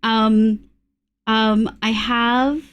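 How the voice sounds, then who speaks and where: A young adult woman with an Australian accent, a streamer chatting casually and excitably with her viewers, swearing and thanking them. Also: a little high, very slow, clean tone, dull audio. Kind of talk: casual live-stream chat.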